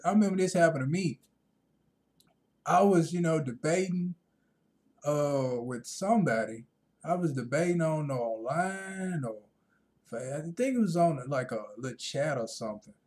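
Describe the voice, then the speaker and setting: A man ranting in a casual vlog monologue, rambling and repeating himself, growing loud and animated when he retells conversations. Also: on the high side, a little slow. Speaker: vlogger.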